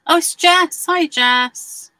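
A woman's voice: very high voice, slow, sharp tone, no echo, rough recording. A woman co-hosting a casual crafting stream, chatty and encouraging as she thinks aloud.

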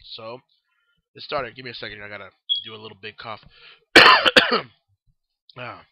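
A man's voice: on the low side, steady tone, fast talker, vocal fry, bright, forceful tone, poor audio. A young man hosting a casual solo newscast, his voice groggy and worn out, rambling and talking while he eats. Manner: rambling, talks while eating and drinking. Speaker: host.

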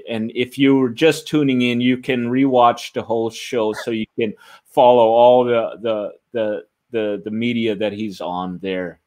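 A man hosting a live online show, wrapping up an interview in an unhurried, announcer-like way. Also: mid-range voice, darkish tone. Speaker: host.

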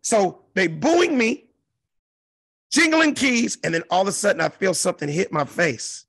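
Brief: comedian in his fifties from South Central LA, animated and profane storyteller, high and gravelly, dry close sound. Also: normal speed, no room sound. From South Central Los Angeles. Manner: profane, animated, acts out the other voices. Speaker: comedian guest.

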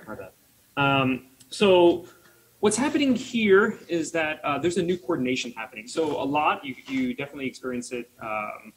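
A man's voice: medium pitch, a little hiss or hum, low-quality recording. A man voice teacher presenting at a conference, joking around while he explains. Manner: jokey and playful, explaining.

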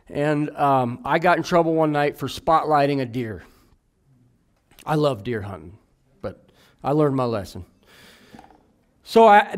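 Candid man preaching a personal testimony. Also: a little high. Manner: candid, self-deprecating storytelling with jokes.

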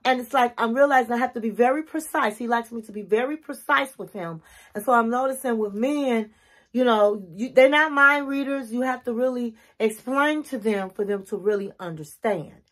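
A woman's voice: on the high side, moderate pace. A middle-aged woman giving relationship advice to camera in an earnest, coaching way, working through a numbered list of tips. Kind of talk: casual advice talk to camera.

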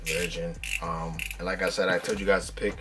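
A man talking casually and excitedly as he unboxes fitted hats for his vlog, full of slang. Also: sits low, fairly quick, noisy background. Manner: excited slangy hype talk. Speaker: hat vlogger.

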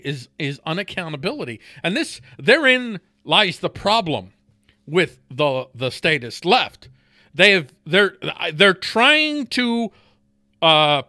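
Podcast host, male, slightly high and bright; profane heated rant, stumbling repeats, close dry mic. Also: no room sound. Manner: heated, swearing, repeats words, laughs between points.

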